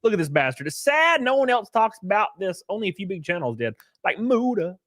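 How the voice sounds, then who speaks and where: A man's voice: high-pitched, sing-song, brisk, music in the background. A young man chatting casually on a livestream, rambling and jokey, with frequent profanity. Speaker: streamer.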